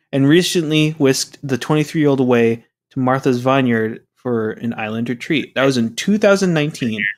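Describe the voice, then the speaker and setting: A young man co-hosting a podcast in casual chat, excitable and gushing, swearing freely. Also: medium pitch. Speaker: podcast co-host.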